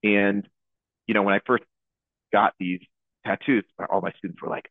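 A man's voice: fairly low pitch, fairly even intonation, creaky, dry recording. Hesitant man giving a Zen talk over tinny audio. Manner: halting, searching, with many restarts. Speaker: teacher leading a Zen talk. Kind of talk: Buddhist dharma talk.

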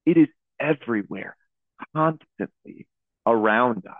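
A young man leading a Buddhist dharma talk, speaking in a halting, searching way with many restarts. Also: medium pitch, expressive, no echo. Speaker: teacher leading a Zen talk. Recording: tinny phone-like audio.

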